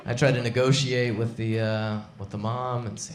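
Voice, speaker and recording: A man performing a live stand-up set on a comedy club stage, wry and deadpan, speaking into a stage mic. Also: mid-range voice, normal speed, a little hiss or hum. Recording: echoey club with loud crowd.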